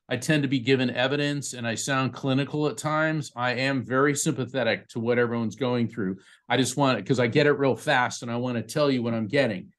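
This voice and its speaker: A man working as a psychic medium, giving a live reading to a participant over a video call in a quick, conversational way, often restarting his sentences. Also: mid-range voice, a bit bright. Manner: fast, restarting, conversational delivery.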